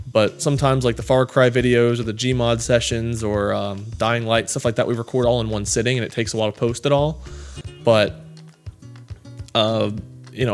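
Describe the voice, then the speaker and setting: A man reading viewer comments aloud and chatting casually, in a rambling, self-deprecating way with many fillers. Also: mid-range voice. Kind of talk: casual chat.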